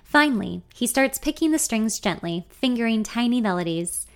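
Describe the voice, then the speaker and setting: A woman's voice: fairly high pitch, lively intonation, normal speed. A woman reading a first-person audiobook story in an intimate, wry, confiding voice. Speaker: narrator.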